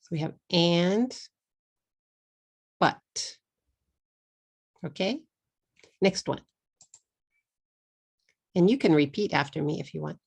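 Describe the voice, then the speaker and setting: Woman, Texan accent, middle-aged, English teacher, slow and careful, repeats words, low gravelly voice. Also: expressive, a little mellow. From Texas. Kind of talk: English pronunciation lesson for Japanese learners.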